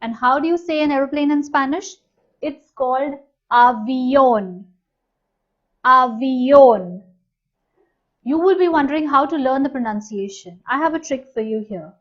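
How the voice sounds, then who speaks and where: A woman teaching a language lesson, saying each new word slowly and clearly and then repeating it. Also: sits high. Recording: dull, slightly lo-fi sound.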